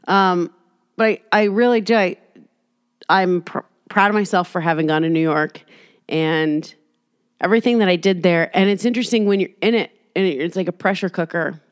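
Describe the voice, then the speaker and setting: A woman's voice: lowish voice, moderate pace, no room sound, studio quality. A woman hosting a solo podcast from her apartment, rambling candidly and swearing freely. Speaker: podcast host. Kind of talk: casual solo podcast monologue. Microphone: laptop.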